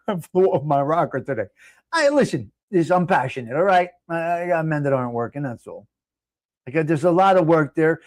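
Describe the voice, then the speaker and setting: A New man rants on his livestream, angry and swearing, his voice pitched high for a man. He is recorded dry and close, with no room sound. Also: sing-song, moderate pace, no echo. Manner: angry, profane, shouting at times. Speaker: livestream host. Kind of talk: heated livestream rant.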